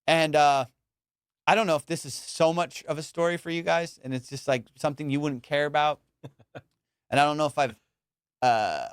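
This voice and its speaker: A young man hosting a podcast, telling a story in an animated, casual way, swearing and saying "dude" and "bro" a lot. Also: on the high side, clean tone, no echo, studio quality. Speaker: podcast host.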